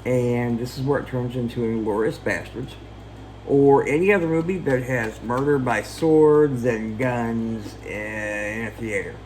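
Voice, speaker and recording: A man's voice: mid-range voice, fairly even intonation, unhurried, darkish tone, slight background noise, poor audio. A man giving a casual, jokey, profane film recap, acting out characters and sound effects. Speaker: film reviewer.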